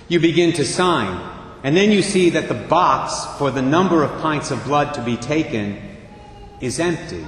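A man preaching, telling a dramatic story slowly and emphatically, with hushed pauses. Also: mid-range voice, expressive, a little hiss or hum. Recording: echoey hall, faint ambience.

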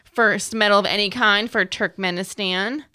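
Young woman, casual co-host, chatty, bright tone, dry close sound. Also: medium pitch, fairly even intonation, moderate pace, clean tone, no echo. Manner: chatty, reads news items in a light conversational way. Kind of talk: casual chat.

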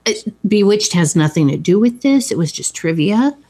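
A woman's voice: mid-range voice, lively intonation, moderate pace, dark tone. A woman in casual chat about a film, adding trivia and wry asides.

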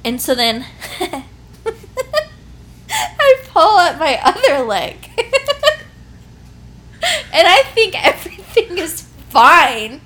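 A young pregnant woman tells a story in a relaxed chat, her voice high and lively, rising and falling widely. She keeps breaking into laughter and swears casually. Her delivery is unhurried and bright.

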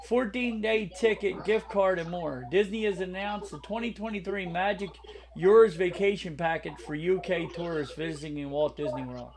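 A man co-hosting a podcast in casual chat, blunt and joking, getting loud when riled. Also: high-pitched. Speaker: podcast co-host.

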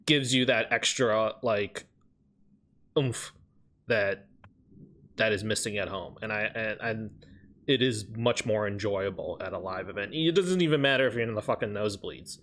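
A man's voice: fairly low pitch, normal speed, fairly bright tone. A man chatting casually on a podcast, rambling with lots of fillers and casual swearing. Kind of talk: casual chat.

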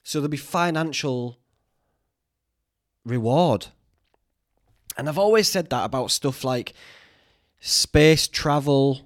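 A man's voice: mid-range voice, lively intonation, takes it slowly, long pauses, no room sound. Male podcast host, casual rambling chat, self-deprecating, mid voice, dry studio sound. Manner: chatty, self-mocking, swears freely.

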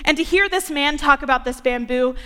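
A woman's voice: high-pitched, a little fast, fairly bright tone, big-room sound. A young woman preaching a sermon, playful and joking as she talks.

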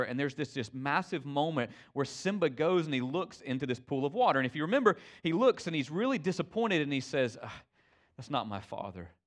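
A young man preaching a sermon in a church. He talks in a folksy, conversational way, with many fillers and frequent "right?" checks to the congregation. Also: on the high side. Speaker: pastor. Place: church sanctuary.

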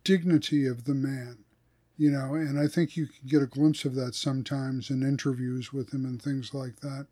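A man, a theologian, talking through ideas in a thoughtful podcast discussion and reading quotes slowly. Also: mid-range voice, fairly even intonation, dark tone, breathy edge.

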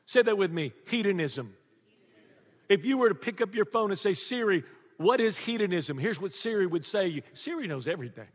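An older man preaching a sermon to a congregation, animated and joking, laughing often. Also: sits high, fairly quick, slightly rough. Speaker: pastor. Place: church before a congregation. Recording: long reverb of a large church.

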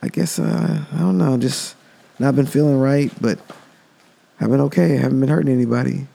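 A man's voice: mid-range voice, fairly quick, gravelly, warm tone, voice pushed up. A man voicing a meek, beaten-down snake in a spoken parable, talking hesitantly. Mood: dazed. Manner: dazed, hesitant, mumbling. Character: casual streetwise male snake, meek and beaten.

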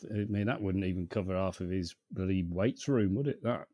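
A man's voice: low voice, fairly quick, mellow, no room sound, clean studio sound. A man co-hosting a podcast, chatting casually with sarcastic, sweary banter. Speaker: podcast co-host. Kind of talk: casual chat.

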